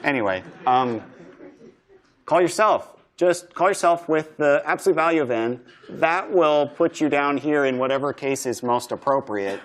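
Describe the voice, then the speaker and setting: A man's voice: a little high, expressive, moderate pace. Casual man lecturing while live coding. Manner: thinking aloud, casual with many fillers and restarts. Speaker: university programming lecturer.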